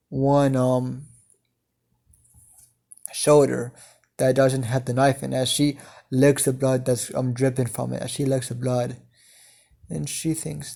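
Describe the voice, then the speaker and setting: Brief: man telling a story off the cuff, mellow gravelly voice, halting delivery. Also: mid-range voice. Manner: halting, many fillers and restarts, chained "as she" clauses. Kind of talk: improvised fan-fiction narration.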